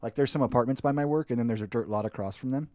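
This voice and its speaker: Fast-talking man, teasing, dry. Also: mid-range voice, a little mellow, no echo. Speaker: podcast co-host. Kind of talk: casual chat.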